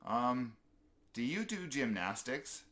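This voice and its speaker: A man's voice: mid-range voice, very animated, slow, a bit bright. A man voicing a polite, hungry young male squirrel who asks eager, slightly wary questions. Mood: earnest.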